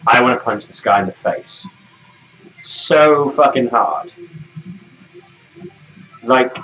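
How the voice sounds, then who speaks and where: A man's voice: mid-range voice, fairly bright tone, rough recording. A man ranting sarcastically about songs, sweary and exasperated, dropping to mutters and jumping to mocking shrieks. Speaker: music review vlogger. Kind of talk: sarcastic comedic music review.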